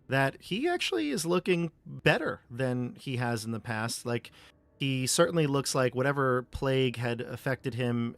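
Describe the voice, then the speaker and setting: Man, game master, casual narration, mid pitch, easygoing. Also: fairly bright tone. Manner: easygoing, loose narration with fillers.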